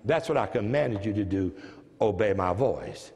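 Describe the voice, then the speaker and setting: A preaching man, lively, in a reverberant hall. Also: fairly low pitch, normal speed. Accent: American. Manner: preaching with rising emphasis, repeating key phrases. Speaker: pastor. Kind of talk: sermon.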